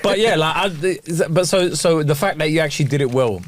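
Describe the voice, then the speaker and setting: A man's voice: a little high, a little fast. A man co-hosting a podcast, a comedian who teases his guests in slangy banter. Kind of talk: casual chat.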